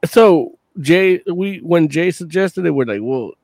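A man's voice: a little high, measured pace, gravelly, darkish tone, dry recording. A man co-hosting a casual comic book chat, reading plot summaries aloud with light jokes. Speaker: co-host.

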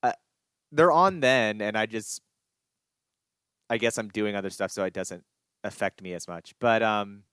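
Low-voiced man chatting sports. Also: a little slow, pauses often, fairly bright tone, smooth, no room sound. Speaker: podcast co-host. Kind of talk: casual sports chat.

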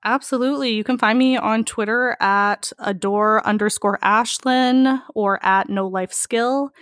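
A woman's voice: a little high, fairly even intonation, unhurried, fairly bright tone, no echo. Woman guest on a podcast spilling a wild story, laughs a lot, says like constantly, dry close sound. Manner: candid, laughs often, many likes. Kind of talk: casual storytelling interview.

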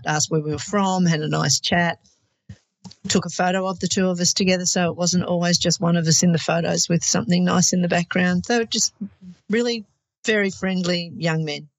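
Gravelly-voiced woman in a podcast chat. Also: fairly low pitch, fairly even intonation, fairly quick, dry recording. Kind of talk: casual panel chat.

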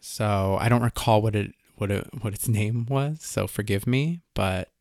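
A man's voice: on the low side, normal speed, darkish tone, no room sound, studio quality. A man co-hosting a podcast in a laid-back casual chat, with frequent fillers. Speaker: podcast co-host.

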